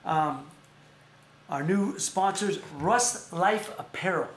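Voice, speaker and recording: A man's voice: high voice, slow pace, a bit bright. A man hosting a casual talk show, rambling and repeating himself as he plugs sponsors. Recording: echoey room.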